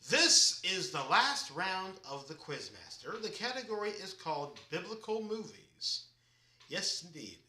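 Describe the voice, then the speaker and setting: Recorded from a distance in an echoey space, this drawling quiz host on a casual live stream has a high-sitting, sharp voice with big pitch swings and a measured pace. He's chatty, calling out viewers' names along with their answers and comments.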